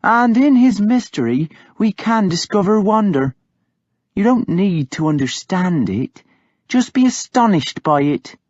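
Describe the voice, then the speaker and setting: A man's voice: sits high, sing-song, a little slow, darkish tone, no echo, voice pushed up, exaggerated voice. A man reading an audiobook, voicing a stern, pious young woman who speaks tartly and reprovingly. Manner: tart, reproving. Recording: dull lo-fi audiobook recording.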